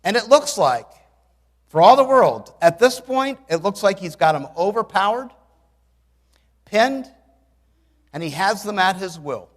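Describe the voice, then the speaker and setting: A man in his sixties preaching a sermon in a church, telling stories in an animated way with dry humor and bursts of loud exclamation. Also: high-pitched, unhurried, long pauses, big-room sound. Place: church sanctuary.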